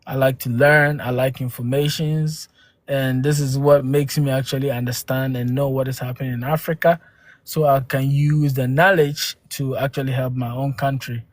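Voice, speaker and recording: A man's voice: medium pitch, flat delivery, moderate pace, no room sound. A man from Ghana, hosting a live stream and arguing with viewers through rhetorical questions and exclamations into a phone. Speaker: livestream host.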